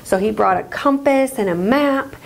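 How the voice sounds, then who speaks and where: A fairly high-voiced woman telling a story to children at church. She talks haltingly, stopping often with fillers. A faint hiss sits behind her. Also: vocal fry, rough recording.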